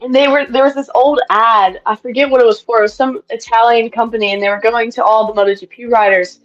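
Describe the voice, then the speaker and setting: A young woman chats excitedly, trailing off and restarting her sentences. Her voice comes through a dull, lo-fi connection, with faint music behind her. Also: a little high, fast talker. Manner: excitable, uses filler words and restarts. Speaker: co-host, racer. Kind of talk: casual chat. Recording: dull lo-fi audio.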